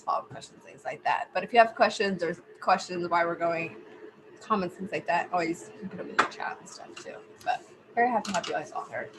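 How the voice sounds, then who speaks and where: A woman hosting a video call, talking in a quick, loose, informal way. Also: fairly low pitch, background noise. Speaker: program host. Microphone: computer mic on a video call.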